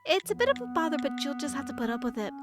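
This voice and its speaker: A woman's voice: high voice, big pitch swings, racing, pitched above the performer's own voice. A woman reading a prim, germ-fearing detective. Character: fussy male detective afraid of germs. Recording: game music playing behind.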